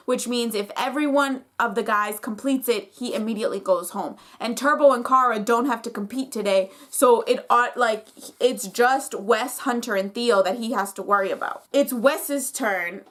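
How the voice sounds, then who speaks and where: A woman's voice: fairly high pitch, moderate pace, a bit bright. A woman vlogger recapping a reality competition episode in a casual, opinionated way, fired up and full of "like".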